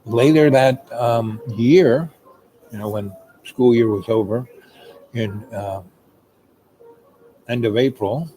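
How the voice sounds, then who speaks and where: An older man telling a long personal story in a meandering, casual way, full of "you know" and pauses. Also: mid-range voice, mellow, slight background noise, low-quality recording.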